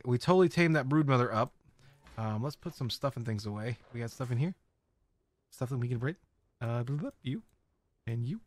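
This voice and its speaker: A man giving casual running commentary as he plays a video game, talking to his viewers and often bursting into excited exclamations. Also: mid-range voice, no room sound. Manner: excitable, squeals often, chatty. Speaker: game streamer.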